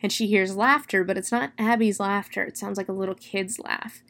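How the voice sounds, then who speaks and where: A woman's voice: mid-range voice, moderate pace. A woman reviewing a book, casually retelling a grim plot with lots of "like" and "you know.". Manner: chatty, with many "like" and "you know" fillers; expressive, dwelling on gory detail.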